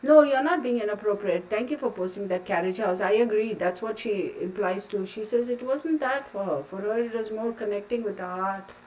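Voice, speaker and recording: A Texas woman with a medium-pitched, slightly mellow voice hosts a livestream, talking briskly with hardly any pauses as she reads and answers viewer comments. She calls people sweetheart and gets emotional. The mic is distant, with faint background noise.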